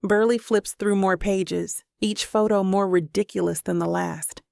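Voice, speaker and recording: Gravelly woman narrating a romance audiobook. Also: medium pitch, fairly even intonation, unhurried, a little mellow, no echo, studio quality. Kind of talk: first-person romance narration.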